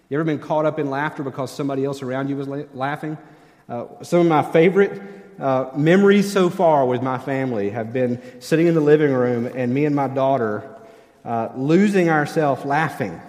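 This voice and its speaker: A man's voice: fairly high pitch, darkish tone. A middle-aged male pastor preaching a sermon in a church sanctuary, conversational and wry, with self-deprecating humor. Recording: long church hall reverb.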